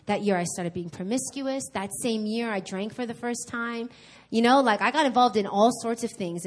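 A woman from New York, her voice on the high side, gives a sermon at a church service built around personal testimony. She tells her story frankly and energetically, repeating herself emphatically.

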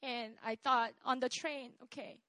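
A young woman, telling a personal testimony in an animated way, laughing often and checking in with "right?". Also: fairly high pitch, unhurried, no echo. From South Korea. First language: Korean. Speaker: speaker sharing a testimony.

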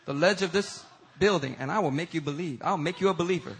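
A man preaching a sermon as pastor, swinging between loud emphatic peaks and low, intense passages. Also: fast talker, background noise.

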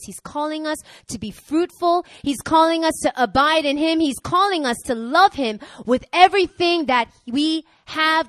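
A young woman preaching a sermon, conversational and energetic, swinging from loud exhortation to quiet asides. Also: a little high, no room sound.

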